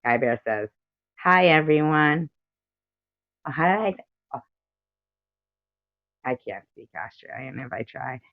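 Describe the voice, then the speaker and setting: American woman, livestream host, rambling chatty delivery, muffled low-fi audio. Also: expressive, measured pace, creaky, pauses often, no room sound. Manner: rambling, giggly, reads out viewer comments. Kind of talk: casual livestream chat. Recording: dull lo-fi stream audio.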